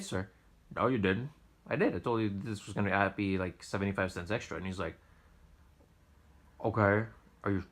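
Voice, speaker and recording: A man's voice: medium pitch, fairly bright tone. A young man casually telling profane, rambling stories from his sandwich shop job, with frequent stammered restarts. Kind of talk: casual storytelling vlog.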